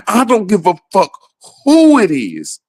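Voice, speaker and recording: Guy going off about politics, cussing nonstop, lots of laughing, kinda high voice, dead dry sound. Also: no room sound. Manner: profane, rambling, laughs often. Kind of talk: casual political rant.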